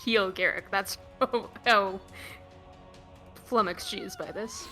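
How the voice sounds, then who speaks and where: A woman's voice: a little high, huge pitch swings, takes it slowly, bright, forceful tone, faint music behind. A woman playing in a tabletop game, playful and musing aloud. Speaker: player. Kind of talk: casual tabletop game chat.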